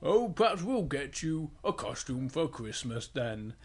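A kindly grown-up bear talks in a gentle, measured way, as a father plays him in a bedtime story. His pitch still rises and falls freely. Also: very animated, breathy edge, full character voice.

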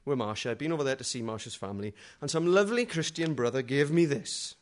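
A middle-aged man preaching a sermon in a conversational, humorous way, moving between quiet asides and loud dramatic readings. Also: mid-range voice, lively intonation, fast, few pauses.

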